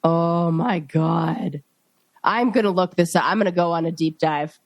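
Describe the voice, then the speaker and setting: A woman co-hosting a podcast in casual chat, talking quickly through stories with many restarts and asides. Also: fairly low pitch, dry recording. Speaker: podcast co-host.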